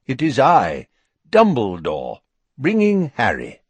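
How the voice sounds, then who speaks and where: A man doing Dumbledore, a calm courteous old wizard. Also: mid-range voice, breathy edge, dry recording, heavily acted. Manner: courteous, measured.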